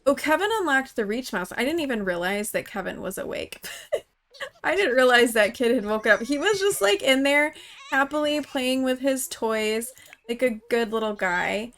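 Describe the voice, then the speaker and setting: A woman's voice: sits high, lively intonation, normal speed, a bit bright. A woman hosting her own gaming channel, giving chatty let's-play commentary and talking straight to the characters in her game.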